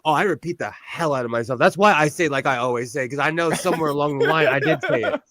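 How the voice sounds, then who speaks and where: A man with a bright, somewhat high voice, rambling in a self-deprecating way as he hosts a casual chat. The sound is dry and close to the mic. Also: fast talker, no echo. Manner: rambling, self-deprecating, many fillers and restarts. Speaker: host. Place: home sewing room. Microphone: on-camera shotgun mic.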